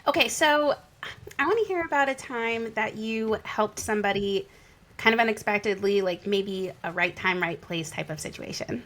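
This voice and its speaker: A bubbly woman co-host who reacts with gushing delight and keeps the conversation moving. Her tone is casual and friendly, with a medium pitch. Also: moderate pace, a bit bright. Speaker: podcast co-host. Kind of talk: casual chat.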